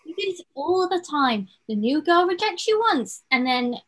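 A woman's voice: high-pitched, sing-song, normal speed. Woman playing a teasing, sensible young woman. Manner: teasing, matter-of-fact. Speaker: student actor. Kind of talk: online amateur drama over video call. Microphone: video call.

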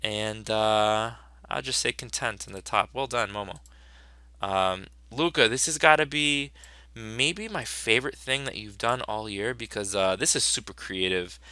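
A man teaching a class, reviewing student projects in a chatty, upbeat way. His voice sits a little low but has a bright, forceful edge. It is recorded dry and close, with no room sound. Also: a little slow, clear, resonant tone, no echo. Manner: upbeat, chatty, with frequent fillers. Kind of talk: casual review of student work.

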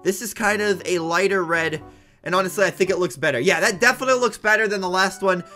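A young man in his twenties, a gaming YouTuber giving excited, jokey commentary with bursts of mock outrage. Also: high voice, fast talker, faint music behind.

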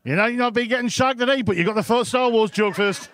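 A man's voice: extremely high pitch, fast, fairly bright tone. A man with a Geordie accent doing a live stand-up set in a comedy club, telling a crude story with constant "right?" asides to the crowd.

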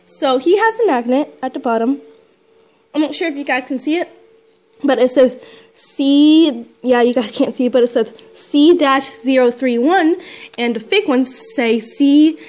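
A woman chatting excitedly while unboxing a toy haul, gushing and squealing, then dropping to hushed whispers. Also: high voice, a little slow. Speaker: toy collector vlogger.

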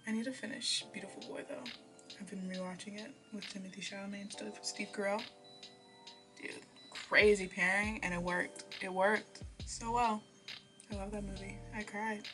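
A young woman vlogging casually as she does her hair at home at night, rambling and sometimes dropping to a whisper. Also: medium pitch. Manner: chatty, rambling, drops into whispers. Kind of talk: casual chat. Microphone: phone or built-in mic. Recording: music in the background.

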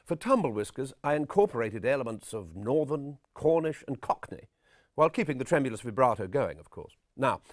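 A man playing a vain, pompous middle-aged character actor, lecturing on his craft in a deadpan, self-regarding way. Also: medium pitch, brisk, no room sound, clean studio sound, lightly acted. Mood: self-important. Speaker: actor giving acting advice. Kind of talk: deadpan spoof documentary address.

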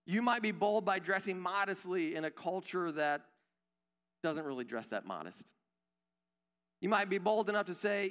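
A man's voice: high voice, moderate pace, fairly bright tone, clean tone, big-room sound. A young adult man preaching a sermon in a church, conversational and self-deprecating, often acting out quoted voices. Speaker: pastor. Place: church sanctuary.

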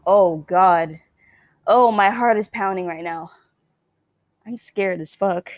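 A woman's voice: mid-range voice, takes it slowly, long pauses, no echo. A young woman reacting to a horror game, scared and shaking, stammering, swearing and gasping. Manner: jittery, stammering, swears, gasps and yelps in fright. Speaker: gaming video creator.

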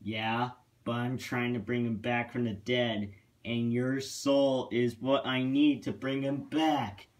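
A man's voice: medium pitch, flat delivery, slow, close to an everyday voice. A man voicing a cross, scornful male villain engine in a storybook tale, threatening and blunt. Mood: angry.

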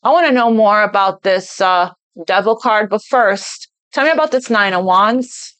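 A woman's voice: medium pitch, normal speed, a bit bright. A woman giving an unscripted tarot reading, talking earnestly as if relaying intuitive messages and repeating phrases for emphasis. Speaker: tarot reader. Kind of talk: spontaneous tarot card reading.

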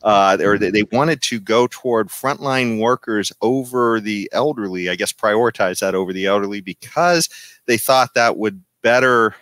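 A man's voice: on the low side, normal speed, fairly bright tone, no echo. A man hosting a podcast panel over a remote call, talking in a loose, laid-back way with many fillers and chuckles. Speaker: podcast host. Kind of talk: casual panel discussion.

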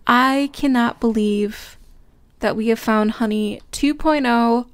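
A young woman hosting a casual gameplay commentary, gushing and excitable, often squealing with delight. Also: fairly high pitch, slow pace, clean tone. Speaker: Minecraft let's play host.

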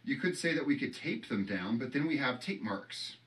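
A man's voice: medium pitch, lively intonation, normal speed, a bit bright, distant mic. A man hosting a casual how-to vlog, rambling and joking as he works and swearing now and then. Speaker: channel host.

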